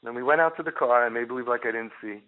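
A middle-aged man, a parenting guide, telling a case story in an animated way and repeating words for emphasis. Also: mid-range voice, fast talker. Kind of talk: storytelling talk. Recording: tinny phone-line sound.

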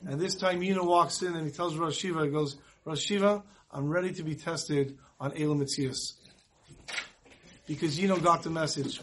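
A man giving a Torah class, telling a story and acting out the dialogue in lively voices. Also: a little high, a little hiss or hum, poor audio. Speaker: rabbi.

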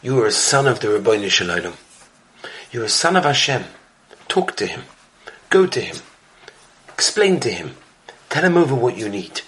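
A man voicing an elderly, revered male rabbi, quoted as a gentle sage in a story. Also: medium pitch, sing-song, normal speed, long pauses, pitched below the performer's own voice. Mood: tender.

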